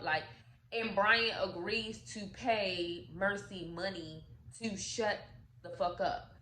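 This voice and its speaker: A woman recaps a movie in casual AAVE, animated and profane, calling out to her viewers. Her voice sits at a middle pitch and rings in an echoey room. A faint ambient hum runs underneath. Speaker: YouTube storyteller.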